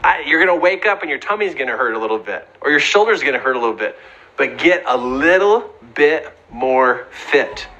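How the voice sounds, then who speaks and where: Lively, bright-voiced man giving advice. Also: medium pitch, moderate pace, highs cut off. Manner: earnest, emphatic, acts out quoted voices. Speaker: speaker giving advice on bullying. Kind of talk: motivational talk.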